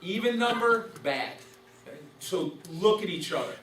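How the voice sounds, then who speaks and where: Man teaching umpires, high voice, roomy classroom, mic far off, faint hiss. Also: big pitch swings, measured pace. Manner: conversational, asks the class questions, repeats key points. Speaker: umpire instructor. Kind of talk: classroom lecture.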